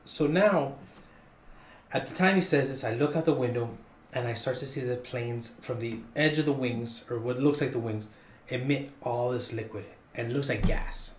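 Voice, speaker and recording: Brief: animated male storyteller on a podcast, mid-pitched, roomy echo, faint hiss. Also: normal speed. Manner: animated, jokey, rising in pitch for punchlines. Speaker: podcast guest telling a story. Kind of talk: casual storytelling.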